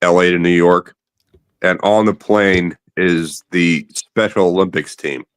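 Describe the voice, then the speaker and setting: A man's voice: deep voice, steady tone, unhurried, smooth, no echo. A man hosting a casual late-night chat, rambling through stories and swearing freely. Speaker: podcast host.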